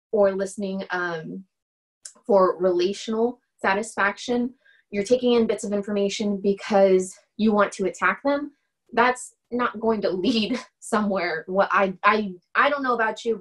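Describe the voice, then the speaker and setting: A woman's voice: medium pitch, poor audio. Conversational woman giving a casual lecture. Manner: conversational, often checks in with "right?"; acts out example dialogue in animated voices. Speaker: instructor.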